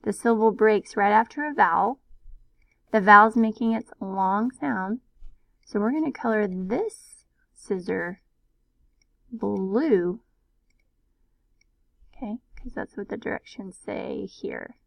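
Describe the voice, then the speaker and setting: A woman teacher giving a recorded phonics lesson, patiently sounding out words slowly. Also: mid-range voice, vocal fry, dry recording, low-quality recording.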